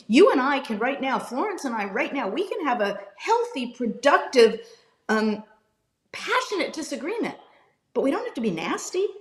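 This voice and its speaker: A woman's voice: on the high side, reverberant. A woman NFL analyst talking passionately and with emphasis as a guest on a video call interview.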